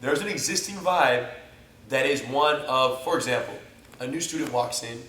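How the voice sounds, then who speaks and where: Man co-host trading quick jokes. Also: medium pitch, pushed and bright. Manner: quick interjections and joking asides. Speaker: jiu-jitsu instructor and co-host. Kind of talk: casual instructional banter. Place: jiu-jitsu academy. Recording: roomy and distant mic, faint hiss.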